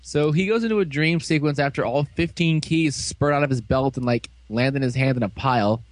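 A man casually recapping an episode for friends, animated and full of fillers, slipping into quick voices for the characters. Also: medium pitch, dry recording. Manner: animated storytelling, fillers and quick acted quotes. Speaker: fan reviewer recapping an episode.

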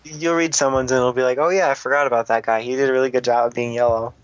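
A man co-hosting a podcast, reading listener comments with quick, exasperated jokes. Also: mid-range voice, flat delivery, no echo. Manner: joking, exasperated, quick asides. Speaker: podcast co-host. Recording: dull lo-fi podcast audio.

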